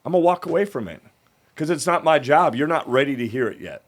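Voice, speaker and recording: A man hosting a podcast, explaining his view in a measured, teacherly way, point by point. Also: a little high, very animated. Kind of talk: calm explanatory conversation.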